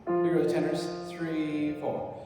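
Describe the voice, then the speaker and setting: A man's voice: a little high, monotone, slow. A man leading a choir rehearsal in a hall, encouraging and joking with the singers as he gives instructions. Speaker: choir director. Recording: echoey hall from far off, loud piano.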